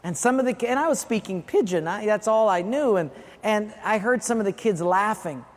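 Male pastor from Hawaii, high voice, earnest sermon storyteller, long hall reverb. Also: animated, fairly quick. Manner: earnest storytelling, repeats phrases for emphasis. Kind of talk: sermon with personal stories.

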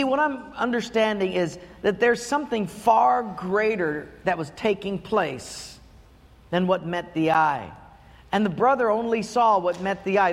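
A man preaching a sermon as pastor, telling stories in an emphatic, animated way. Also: sits high, long reverb tail. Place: church.

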